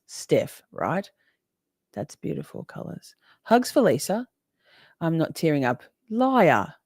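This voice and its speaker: Woman, low voice, live-stream host, chatty and sweary, dry close mic. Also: no echo. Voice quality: swears freely, emotional and chatty. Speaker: livestream host reading chat. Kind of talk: casual live-stream chat.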